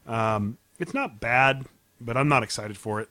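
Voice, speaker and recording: A man's voice: medium pitch, animated, a little slow, pushed and bright, no room sound. A man co-hosting a casual podcast, telling stories and laughing often. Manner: chatty storyteller, laughs often. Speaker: podcast co-host. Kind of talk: casual chat.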